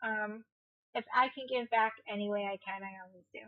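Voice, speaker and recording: A woman chatting upbeat and easy as a guest on a stream. Her voice sits at an ordinary pitch, and the recording sounds a little dull. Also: fairly even intonation, brisk. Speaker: interview guest. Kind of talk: casual interview chat.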